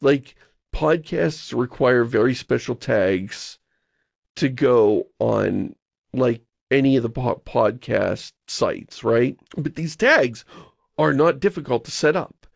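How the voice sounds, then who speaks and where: Gravelly-voiced man in wry casual chat. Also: mid-range voice, animated, slow, no echo. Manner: rambling, wry, exasperated. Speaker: podcast co-host.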